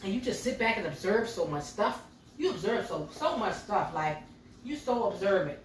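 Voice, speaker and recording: A woman's voice: mid-range voice, lively intonation, moderate pace, slight background noise. A middle-aged woman telling a story to her viewers in a casual, chatty way while she cooks at home. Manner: chatty, talks straight to viewers as y'all. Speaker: home cooking vlogger. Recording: roomy sound from a distance.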